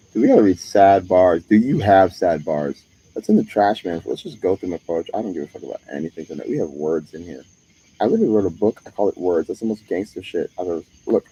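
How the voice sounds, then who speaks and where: A man's voice: low-pitched, animated, fast talker, mellow, a little hiss or hum, rough recording. A man streaming live, talking in a profane monologue that jumps from one topic to the next.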